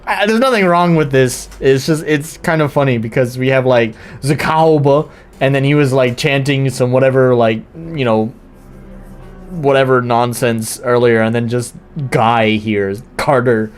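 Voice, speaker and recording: A man commentates live as he plays an indie game, talking casually and bluntly with the odd swear. His delivery is slow and laid-back. Faint game music sits behind his voice. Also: medium pitch. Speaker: streamer playing indie games. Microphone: headset or desk mic, wears headphones.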